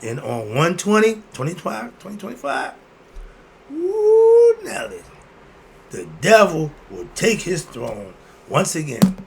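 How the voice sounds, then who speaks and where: A man giving an emphatic, preachy commentary monologue, firing off rhetorical questions and breaking into sudden loud bursts. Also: on the high side, very animated, normal speed, creaky, background noise.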